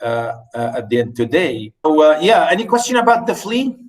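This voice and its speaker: A man's voice: on the high side, very animated, normal speed, poor audio. A man giving an unscripted poetry lecture to students, hesitating often, with many fillers and restarts, and checking in with his listeners.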